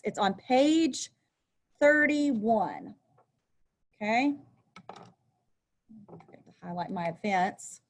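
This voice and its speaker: A woman teacher giving a recorded lesson, reading aloud from a text and then explaining it in a chatty way, with casual asides. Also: medium pitch. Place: at a desk with a workbook.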